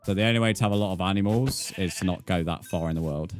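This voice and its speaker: A British man with a deep, low-pitched voice talks casually to his stream audience. He rambles along easygoingly, filling gaps with "like" and "uh", and reads out the chat. Soft music plays quietly in the background. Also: fast talker. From United Kingdom. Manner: easygoing and chatty, many fillers, reads out chat. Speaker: live streamer. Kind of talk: casual live-stream chat while playing a game.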